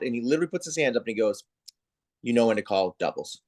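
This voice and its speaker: Male guest, volleyball referee chief, lively storyteller, mid-pitch voice. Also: fast. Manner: animated storyteller, acts out quoted voices. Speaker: head of volleyball officials, guest. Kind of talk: casual interview chat.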